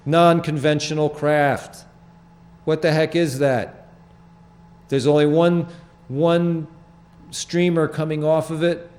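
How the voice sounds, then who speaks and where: An older man hosting a small public-access TV show, explaining his photographs in halting, rambling, earnest talk from the studio. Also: on the high side, darkish tone. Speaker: show host presenting his sky photographs.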